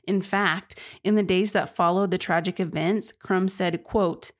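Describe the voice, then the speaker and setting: A woman's voice: fairly low pitch, fairly even intonation, a little slow. A young woman hosting a true crime podcast, narrating earnestly and speaking casually to her listeners. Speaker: podcast host.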